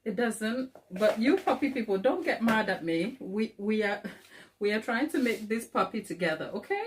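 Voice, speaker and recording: A woman's voice: a little high, lively intonation, normal speed, slight background noise. A woman giving a live cake decorating tutorial in a kitchen, chatting and laughing often at herself.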